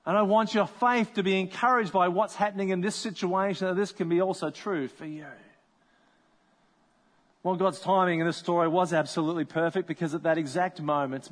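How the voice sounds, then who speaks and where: A pastor with a high voice preaches conversationally, telling a story and sometimes slipping into the voices of its characters. A long reverb suggests he's speaking in a large hall.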